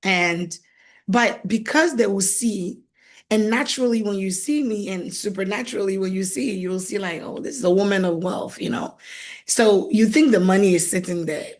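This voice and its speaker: A woman marriage coach giving a faith-based teaching talk, animated, laughing often and acting out quoted voices, repeating phrases for emphasis. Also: mid-range voice, moderate pace.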